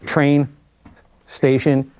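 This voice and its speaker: An older man recounting his own survival in a documentary interview, measured and reflective with vivid asides. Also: medium pitch, completely flat delivery, noisy background.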